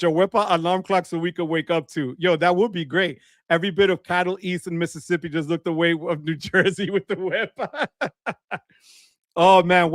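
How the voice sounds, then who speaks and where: A middle-aged man, hosting a casual livestream, reading out viewer comments in an animated, playful way. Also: sits high, dry recording, studio quality. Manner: animated, playful, shouts catchphrases. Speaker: livestream host.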